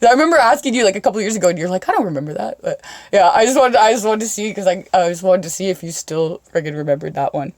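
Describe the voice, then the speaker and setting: A woman's voice: medium pitch, animated, very fast, a little mellow, no echo, studio quality. Foul-mouthed woman telling stories. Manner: swears constantly, laughs through stories. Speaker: podcast host. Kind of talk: casual storytelling chat.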